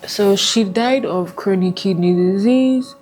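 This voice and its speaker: A Nigerian woman giving a personal testimony, speaking haltingly with emotional pauses. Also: medium pitch, darkish tone, a little hiss or hum. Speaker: testimony guest.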